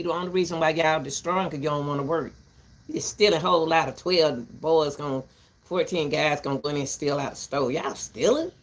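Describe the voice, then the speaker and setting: An older woman ranting casually to her viewers from her back porch, blunt and rambling, breaking into laughter often. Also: deep voice. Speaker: vlogger.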